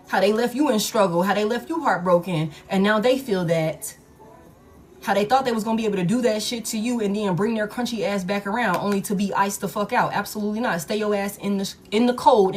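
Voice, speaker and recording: Blunt, profane woman tarot reader. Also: mid-range voice. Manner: blunt, profane, emphatic repetition. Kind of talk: casual tarot reading monologue.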